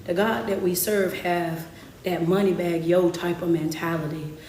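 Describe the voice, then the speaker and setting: A woman giving a motivational sermon, emphatic and repetitive, now and then rising to shouts. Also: fairly low pitch, fairly even intonation, moderate pace, slight background noise. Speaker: motivational speaker. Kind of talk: motivational preaching. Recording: roomy, distant mic, faint ambience.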